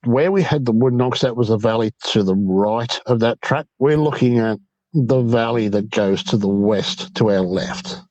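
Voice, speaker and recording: This guest on an interview show has an Australian accent and a mid-range voice, and he animatedly relates a night-time encounter, quoting himself and his friend. The recording is muffled with no echo.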